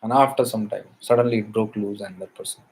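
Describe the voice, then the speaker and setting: A man's voice: on the low side, steady tone, fast talker, a little mellow, rough recording. A man, a spiritual teacher telling a story in an emphatic way, repeating phrases for stress.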